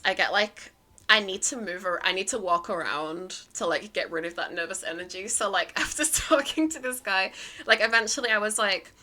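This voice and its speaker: A woman livestreamer talking casually to her viewers with a bright, sharp voice. She tells her story in a rambling, hesitant way, full of fillers. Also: mid-range voice. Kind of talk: casual stream chat.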